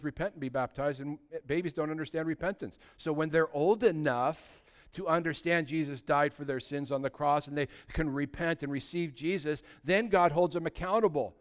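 A middle-aged man preaching a sermon as pastor, animated and humorous, rattling off quick lists between scripture readings. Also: fairly high pitch, clean tone. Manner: animated, humorous asides, rapid list-making.

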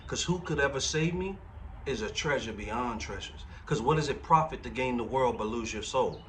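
A man's voice: mid-range voice, moderate pace, fairly bright tone, recorded from a distance, slight background noise. A man in his forties preaching a conversational sermon as pastor, often checking in with the congregation through rhetorical questions. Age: 40s.

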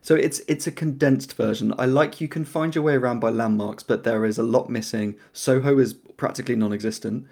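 A man's voice: mid-range voice, a little fast, vocal fry, few pauses, a little mellow. A man from England co-hosting a casual chat, talking in a wry, chatty way and laughing often. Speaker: podcast co-host.

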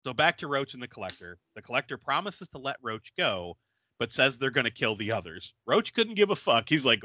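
A man hosting a podcast, casually recapping a horror film with animated storytelling and frequent laughter. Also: medium pitch, a little fast, no echo, highs cut off. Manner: animated storyteller, acting out quotes and laughing often. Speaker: podcast host. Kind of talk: casual movie recap chat.

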